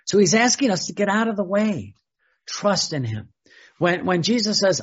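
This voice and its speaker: A man's voice: high-pitched, expressive, moderate pace, vocal fry, breathy edge, dull audio. A man who is a Catholic priest, preaching a sermon in a conversational way, often repeating words and acting out quotes.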